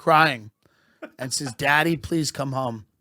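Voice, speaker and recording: A man delivering a satirical comedic monologue in a mock-patriotic, deadpan manner that swells into shouted bursts. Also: mid-range voice, slow pace.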